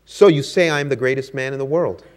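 A man's voice: mid-range voice, quick pace, natural voice. A man voicing a proud old king who commands and rebukes his court. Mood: regal, mocking.

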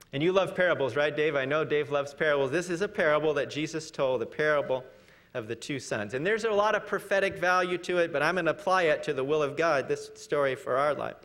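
A man preaching a sermon in an earnest, conversational way, asking rhetorical questions and slowing down to read scripture. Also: on the high side, a bit bright. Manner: slows for scripture readings.

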